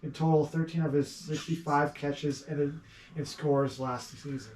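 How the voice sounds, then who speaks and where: A man's voice: a little high, level tone, a little mellow. Male co-host, playful and profane; roomy, distant sound. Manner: joking, quick to laugh and swear. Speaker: podcast co-host. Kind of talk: casual sports chat.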